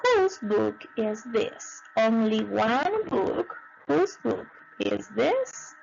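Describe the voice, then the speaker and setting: A woman teaching English in a slow, patient classroom voice, repeating each word and giving the alongside it. Her voice sits fairly high and swings lively up and down, with a gravelly fry at the ends of phrases. The recording sounds dull and lo-fi. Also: faint music behind. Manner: repeats each word slowly, switching between English and Spanish. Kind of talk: slow bilingual classroom lesson.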